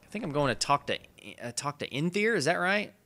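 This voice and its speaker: A young man with a hoarse voice from a cold, rambling and swearing casually through his video game commentary. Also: on the high side, animated, a little fast, bright, forceful tone. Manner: rambling, profane, laughs at himself. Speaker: let's play host.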